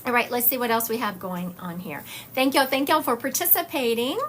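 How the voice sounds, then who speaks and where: A woman's voice: a little high, brisk, a bit bright, a little hiss or hum. A woman hosting a live-streamed psychic reading session, talking to her chat viewers in an encouraging, direct way. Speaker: psychic medium host.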